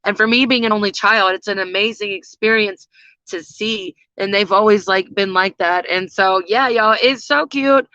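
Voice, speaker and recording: A woman's voice: medium pitch, normal speed, sharp tone, dry recording. A woman vlogger chatting casually to her viewers, gushing and full of fillers. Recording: slightly dull lo-fi sound.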